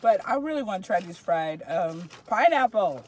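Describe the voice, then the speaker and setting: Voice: medium pitch, very animated, moderate pace. A co-host of a food vlog chatting casually from inside a parked car, upbeat and praising each dish. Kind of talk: casual food-tasting chat.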